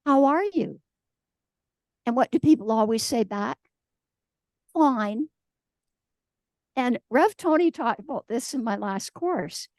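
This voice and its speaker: Woman speaker, slightly high, mellow voice, dry sound, storytelling sermon. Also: no echo. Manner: storytelling, acts out quoted voices. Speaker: guest speaker. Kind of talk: conversational sermon.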